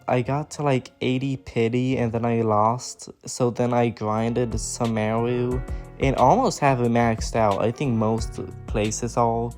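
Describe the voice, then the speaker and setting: A man's voice: medium pitch, a little mellow. A young man who makes gaming videos, answering viewer questions in a rambling, slangy, laid-back way, sounding a bit tired. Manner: slumped posture, sounds tired. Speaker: gaming content creator. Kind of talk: casual Q&A chat.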